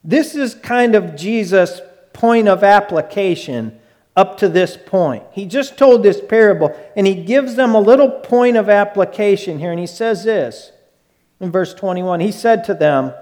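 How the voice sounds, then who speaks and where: Male pastor, high voice, slow emphatic sermon delivery, long hall reverb. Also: animated, darkish tone. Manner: slow, emphatic preaching with quick acted asides.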